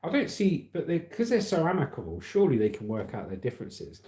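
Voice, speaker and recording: A man's voice: medium pitch, huge pitch swings, fast talker, dark tone. A middle-aged man hosting a casual livestream, reading out viewer comments and news with a chatty, laughing manner. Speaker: livestream host. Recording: echoey room.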